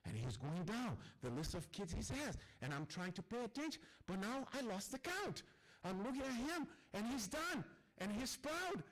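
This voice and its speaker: A man telling a comic personal story live, acting out the dialogue with lively energy. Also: sits high, normal speed, rough recording. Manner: animated, acts out dialogue.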